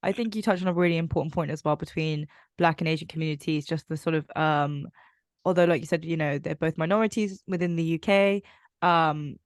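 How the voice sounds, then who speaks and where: A woman's voice: deep voice, fairly even intonation, brisk, dry recording, studio quality. A woman hosting a podcast interview, reflecting on her guest's points and summing them up with frequent fillers. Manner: reflective, summarizing, many fillers. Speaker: podcast host.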